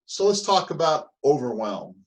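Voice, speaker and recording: A man's voice: a little high, very animated, normal speed, rough recording. Emphatic male motivational speaker. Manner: emphatic, punchy repetition, acts out whiny victim voices. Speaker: mentor and speaker. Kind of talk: motivational seminar talk.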